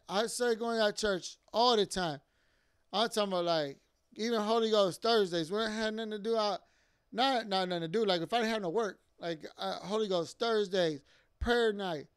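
A man's voice: high voice, smooth. A young man giving a casual spoken testimony at church, rambling along with many fillers and asides.

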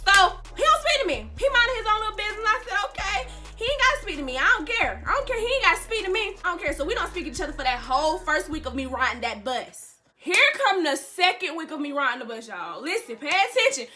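A woman's voice: very high-pitched, very animated, fast, few pauses, bright, forceful tone, soft background music. A young woman vlogger telling a dramatic storytime tale in casual slang, speaking straight to her viewers and repeating lines for emphasis. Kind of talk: storytime vlog.

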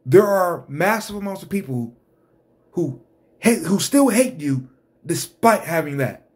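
A man's voice: a little high, expressive, a little slow. A man hosting an exasperated ranting commentary, blunt and profane. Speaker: host.

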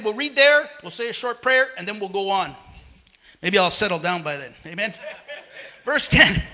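A man's voice: extremely high pitch, bright, forceful tone. A male pastor preaching a sermon, out of breath, often stumbling and repeating words as he retells a story. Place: church.

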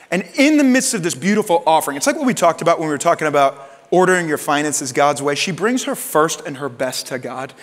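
A male pastor preaching a sermon in a lively, conversational way, with casual slang. His voice sits a little high. The recording carries the long reverb of a church hall.

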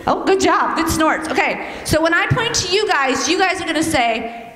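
A woman teaching a children's church lesson, telling a story in an animated, coaxing way and leading the kids in call-and-response. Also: extremely high pitch, normal speed. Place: church sanctuary. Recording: echoey hall, heard from some distance.

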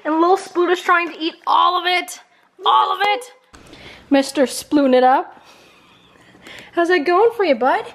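A woman's voice: very high voice, measured pace, long pauses, a bit bright. A young woman vlogging casually, bubbly and chatty, cooing in baby talk at her dog. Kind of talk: casual vlog chat.

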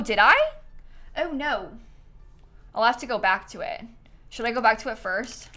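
A woman's voice: fairly high pitch, fairly bright tone. A young woman doing casual live-stream commentary as she tours viewer builds, bubbly and giggly, gushing over what she sees.

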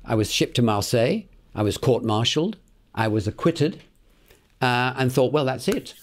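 Elderly British actor, guest raconteur, medium pitch, chuckles, repeats himself, mimics others. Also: male voice, normal speed. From Britain. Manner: lively raconteur, acts out the voices in his anecdotes, chuckling, repeats words. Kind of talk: anecdotal interview storytelling.

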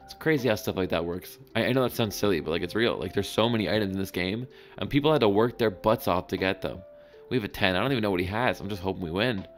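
A man giving excitable, joking live commentary over gameplay, with sudden high-pitched exclamations. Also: fast talker, faint music behind. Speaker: gaming channel host.

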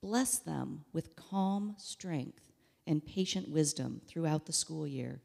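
A woman leading a congregation in a steady, reverent pastoral prayer. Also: deep voice, slow pace, vocal fry, in a large hall. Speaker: worship leader leading prayer.

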